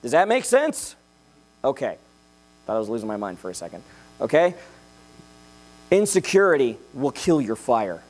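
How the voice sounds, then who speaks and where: A young man preaching a sermon in a jokey, animated way, checking in with "okay?" after each point. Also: mid-range voice, normal speed, pauses often.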